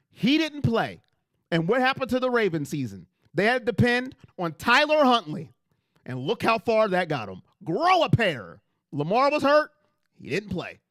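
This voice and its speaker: A man's voice: very high-pitched, a bit bright, no echo, clean studio sound. A man hosting a casual fan livestream on a headset mic, talking emphatically and repeating himself as he speaks straight to his chat.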